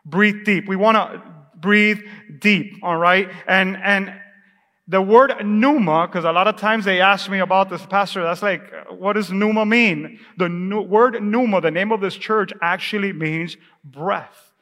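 A man delivers a sermon as pastor, his voice sitting high and ringing bright. He talks in a lively, conversational way, tossing questions and asides to his congregation. The sound carries a long reverb from the church sanctuary. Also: a little slow. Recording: echoey church hall.

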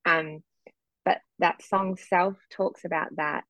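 A woman's voice: lowish voice, steady tone, takes it slowly, fairly bright tone, no echo, rough recording. A woman, a guest musician talking earnestly and reflectively in a candid interview. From Australia. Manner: earnest, reflective, with frequent um fillers.

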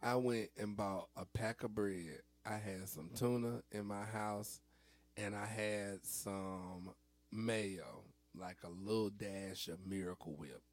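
A man hosting a casual faith talk, playful and animated, joking and mimicking preachers. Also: on the low side, slow pace, dry recording. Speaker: host.

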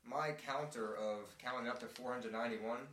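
Bible study leader, man, bright voice, roomy distant sound, animated storyteller. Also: medium pitch, normal speed. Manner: animated, acts out quotes in playful voices. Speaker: host leading a Bible study discussion. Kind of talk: casual group Bible discussion. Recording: echoey room, mic at a distance.

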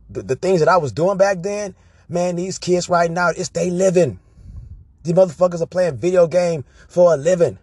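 A man with a husky voice tells casual stories to his viewers, animated and loose with his swearing. He is recorded dry and close, with no room around him. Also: on the high side, dry recording. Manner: animated, profane, tag questions like "right?". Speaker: vlogger. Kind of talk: casual storytelling monologue.

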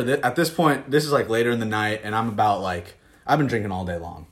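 A young man co-hosting a casual podcast, excitable and quick to laugh, with casual swearing. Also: fairly low pitch. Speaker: podcast co-host. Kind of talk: casual chat.

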